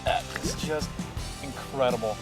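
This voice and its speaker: A man hosting a fishing show from his boat outdoors, narrating with excitable, folksy exclamations. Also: mid-range voice, a little slow. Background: background music.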